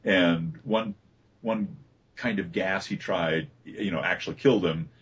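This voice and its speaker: A man, a voice actor being interviewed, telling relaxed stories about his work with many fillers and restarts. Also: low-pitched, unhurried, husky. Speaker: voice actor guest. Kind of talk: casual interview talk. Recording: dull lo-fi recording.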